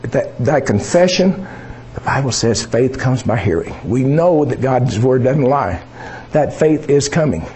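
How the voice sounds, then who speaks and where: A man's voice: mid-range voice, warm tone, slight background noise. A man preaching an informal sermon in a conversational, emphatic way, often repeating phrases for stress.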